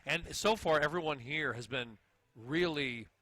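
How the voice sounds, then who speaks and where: Bright, animated bar storyteller man. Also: a little slow, dry recording. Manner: animated storyteller, jumps into high voices for quotes. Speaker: podcast co-host. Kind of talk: casual bar chat.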